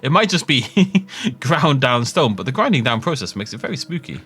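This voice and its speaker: A man's voice: mid-range voice, big pitch swings, fairly quick, a bit bright, breathy edge. A man giving rambling, jokey commentary while he plays a game, often laughing at his own tangents. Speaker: gaming YouTuber. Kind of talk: casual let's-play commentary.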